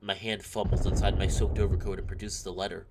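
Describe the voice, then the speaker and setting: A man's voice: low-pitched, level tone, fast, heavy background noise, voice pushed down. A man reading aloud the narration of a war-weary young soldier in a trench, in a subdued, somber voice over game music.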